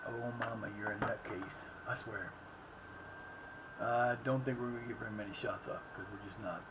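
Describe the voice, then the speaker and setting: A man's voice: lowish voice, fairly even intonation, moderate pace. A man streaming a soccer video game, chatting casually and rambling to himself between reactions to the plays. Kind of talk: casual live-stream commentary. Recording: slightly muffled with faint background noise.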